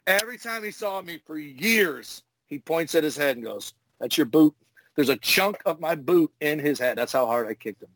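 A man, a former wrestler, telling profane, animated stories in casual podcast chat. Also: fairly high pitch, moderate pace, few pauses, no echo. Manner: profane, animated storyteller acting out moves. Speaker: retired pro wrestler, podcast host.

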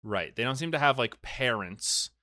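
A man's voice: mid-range voice, lively intonation, normal speed, bright, forceful tone, no room sound, clean studio sound. A man hosting a casual podcast chat, recapping a film plot with jokes and mock-angry rants. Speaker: podcast host explaining a film saga.

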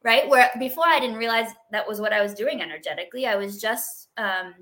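Bright, expressive woman telling her story. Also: a little high, fairly quick. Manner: chatty, expressive, lots of "like" and laughs. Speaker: guest sharing a healing story. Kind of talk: casual interview conversation.

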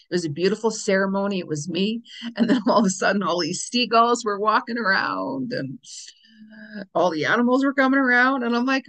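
A woman's voice: mid-range voice, low-quality recording. Chatty woman giving a spiritual reading. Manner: chatty, repeats phrases, drifts into soft asides. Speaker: astrology and spiritual reader. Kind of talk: casual spiritual reading to viewers.

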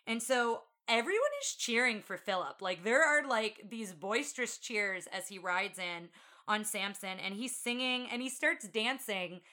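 Woman, podcast co-host, bright tone, casual recap, acts out quotes. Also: on the high side, unhurried. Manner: animated storyteller, acts out quotes. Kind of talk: casual film recap chat.

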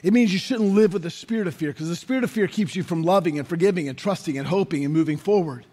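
A man in his forties preaching a sermon, telling stories with animated energy and rising to shouts for emphasis. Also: high voice, fast talker, breathy edge. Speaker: pastor.

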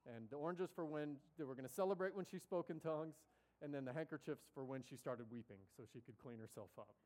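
A man preaching in a loose, conversational storytelling style. His voice sits somewhat high, and he keeps breaking into the quoted voices of the people he describes. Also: quick pace, darkish tone. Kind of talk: sermon storytelling.

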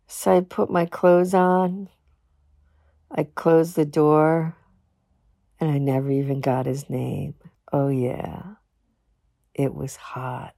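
Woman, podcast host, frank bawdy storytelling, gravelly voice, slow, dry close sound. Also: sits low, level tone, dark tone, dry recording. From New Jersey. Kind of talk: casual storytelling.

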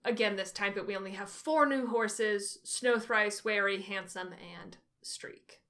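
A woman co-hosting a casual podcast. Her voice sounds bright and forward, at a middle pitch. She talks in an animated way and often stops to correct herself. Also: measured pace. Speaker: podcast co-host. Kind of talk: casual chat.

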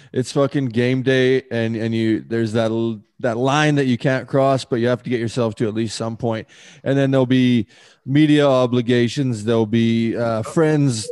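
A man's voice: medium pitch, steady tone, normal speed, a little mellow, smooth, no room sound, clean studio sound. A man hosting a podcast, casual and agreeable, swearing freely. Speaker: podcast host.

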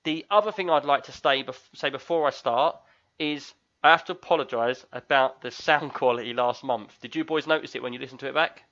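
A man with a London accent hosts a podcast in easygoing, joking chat, mid-range in pitch. His voice comes through a tinny, lo-fi microphone. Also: a little fast, fairly bright tone. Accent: London English. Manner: chatty, joking, reads listener reviews aloud. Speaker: podcast host. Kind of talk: casual chat. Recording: tinny lo-fi mic.

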